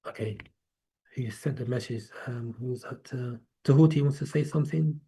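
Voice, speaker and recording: A man's voice: mid-range voice, normal speed, warm tone. A man with an English accent hosting a live online class in a chatty, rambling way. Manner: chatty, rambling, laughs easily. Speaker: class host. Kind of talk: casual live class talk.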